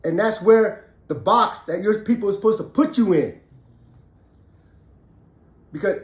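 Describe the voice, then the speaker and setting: A middle-aged ex-convict tells his own story bluntly and heatedly, swearing freely and speaking with emphasis. His voice sits high with lively intonation, unhurried and a little mellow, in a reverberant space.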